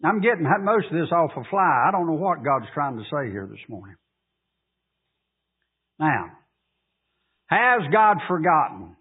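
A man preaching a sermon as pastor, reading scripture aloud and pressing his congregation with emphatic, drawn-out questions. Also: husky. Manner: preaching, rising to emphatic high pleas, drawn-out delivery. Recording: tinny phone-like radio broadcast.

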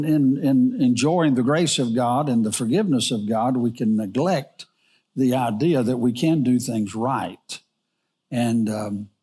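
A man preaching a sermon and telling a parable in a halting way, with fillers and self-corrections. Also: mid-range voice, darkish tone, slightly rough. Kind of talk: sermon storytelling.

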